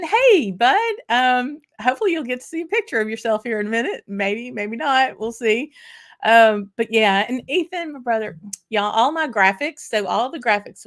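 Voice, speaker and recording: A woman hosting a casual livestream, excitedly greeting viewers by name with lots of fillers. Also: on the low side. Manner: excited, chatty, many fillers and laughs. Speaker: whisky channel host.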